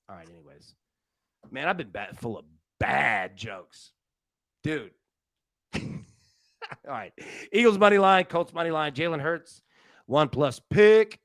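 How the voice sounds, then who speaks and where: A man hosting a sports betting show, energetic and joking in casual, rambling chat. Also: a little high, measured pace, pauses often, no echo.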